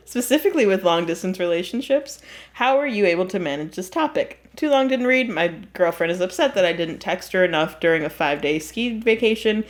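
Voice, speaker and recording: A woman hosting an advice podcast who reads a story aloud in a casual, chatty way and often breaks into laughter. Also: lowish voice. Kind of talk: casual chat.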